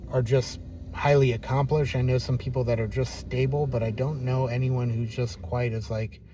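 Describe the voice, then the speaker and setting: Downcast middle-aged man, mellow voice. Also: medium pitch, a little hiss or hum. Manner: downcast, self-deprecating, musing. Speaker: vlogger. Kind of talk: personal video diary.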